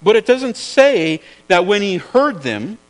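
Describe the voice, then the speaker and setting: A man's voice: high-pitched, big pitch swings, slow pace, poor audio. A man preaching a sermon in an earnest way, often repeating words as he searches for the phrasing.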